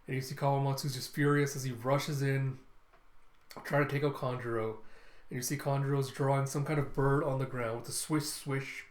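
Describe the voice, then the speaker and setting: Excitable man recapping a comic chapter. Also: medium pitch, moderate pace. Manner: excitable, acts out the dialogue. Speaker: comic reaction reviewer. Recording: roomy echo.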